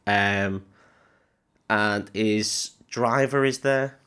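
A man's voice: lowish voice, drawn-out words, a bit bright, clear, resonant tone. A man co-hosting a podcast, casually retelling a film in a rambling, jokey, sweary way with lots of ums. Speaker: podcast co-host.

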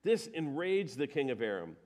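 A man's voice: mid-range voice, big pitch swings, normal speed, darkish tone. A male pastor giving a sermon. He talks in a conversational way, with emphatic rises and some hesitations.

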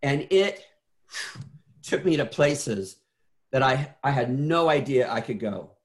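A man's voice: mid-range voice, lively intonation, slow pace. A middle-aged man telling stories as an interview guest, earnest, often repeating and restarting words. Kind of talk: casual interview storytelling.

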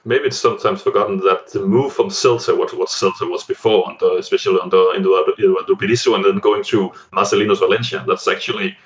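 A man with a slightly low voice talks football as a guest pundit. He halts often, repeating words before pushing on. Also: fairly even intonation, quick pace, hardly any pauses. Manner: hesitant, many restarts and repeated words. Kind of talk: casual football discussion.

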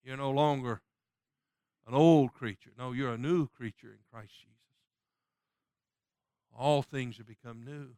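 A man preaching a sermon who swings from loud, ringing passages to soft, hushed appeals and quotes scripture in old-fashioned wording. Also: medium pitch, steady tone, unhurried, pauses often, smooth, dry recording. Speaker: pastor.

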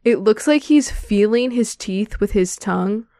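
A woman's voice: mid-range voice, animated, a little slow, dark tone. A woman with a mid-range voice chats about a film, thoughtful and attentive to small details. The sound is dry, with no echo. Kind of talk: casual film discussion.

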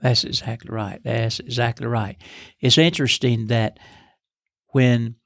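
A man's voice: mid-range voice, steady tone, a little slow, no room sound, clean studio sound. Folksy middle-aged man explaining scripture. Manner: folksy, explanatory, affirms with "that's exactly right". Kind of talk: casual Bible discussion.

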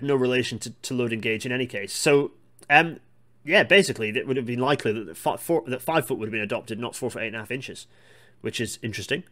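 Male podcast host, casual rambling monologue, mid pitch, enthusiastic myth-buster. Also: sharp tone. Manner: digressive, myth-busting, enthusiastic asides. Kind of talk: casual solo monologue on railway history.

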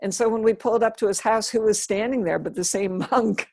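A middle-aged woman telling a personal story as an interview guest, animated and acting out the dialogue she quotes. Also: medium pitch, fairly quick, dry recording, studio quality. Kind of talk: casual storytelling in conversation.

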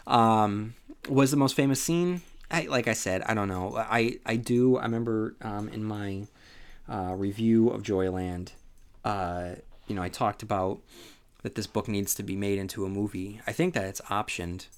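Sleepy man with a low voice, rambling. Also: fairly even intonation, moderate pace, clear, resonant tone. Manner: rambling, many fillers and restarts. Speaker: podcast host. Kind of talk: casual solo book discussion. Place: home on a rainy day.

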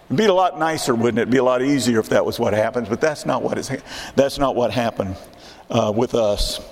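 A man's voice: medium pitch, fairly quick, a little mellow, long reverb tail. A man in his sixties preaching a sermon in a church, emphatic and repeating his key questions. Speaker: pastor. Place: church sanctuary.

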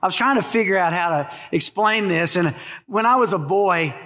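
High-voiced preacher man, emphatic. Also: moderate pace, sharp tone. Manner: emphatic storytelling preacher, rhetorical questions to the audience. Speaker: pastor. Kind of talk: sermon.

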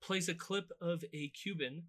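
Bright-voiced man on a podcast. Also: fairly high pitch, measured pace. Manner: loose and sardonic, recapping clips. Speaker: podcast co-host. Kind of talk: casual political commentary chat.

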